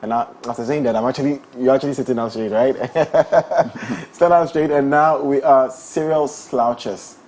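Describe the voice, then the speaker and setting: A man's voice: mid-range voice, fairly even intonation, a little fast, few pauses, a little mellow. Playful man hosting a morning show. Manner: playful, laughs often. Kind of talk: breakfast show chat and live ad read. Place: studio.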